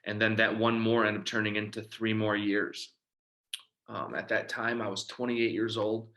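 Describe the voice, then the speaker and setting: A man, telling his own recovery story in a halting way, full of fillers and often trailing off quietly. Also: on the low side, flat delivery. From Detroit, Michigan. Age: 30s. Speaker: recovery outreach speaker. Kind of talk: personal testimony talk.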